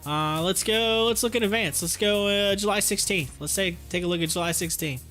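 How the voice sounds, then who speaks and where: A man's voice: high-pitched, fairly quick, bright, forceful tone, faint music behind. A man doing casual live-stream commentary on stocks, joking and laughing often and slipping into mocking voices.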